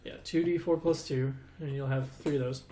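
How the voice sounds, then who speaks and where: A man's voice: mid-range voice, steady tone, moderate pace, echoey room, background noise. A man running a tabletop game as game master, easygoing, with lots of fillers and laughs.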